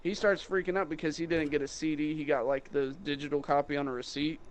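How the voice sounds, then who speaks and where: A young man who sells guitars, rambling through a mocking, animated story about rude customers in casual chat. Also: a little high, fast. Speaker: guitar salesman.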